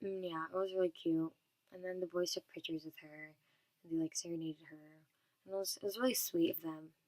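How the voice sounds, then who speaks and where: A woman's voice: fairly low pitch, steady tone, fairly quick, a little mellow. A young woman vlogger from California telling a long story in a rambling, casual way, full of "and then" and fillers.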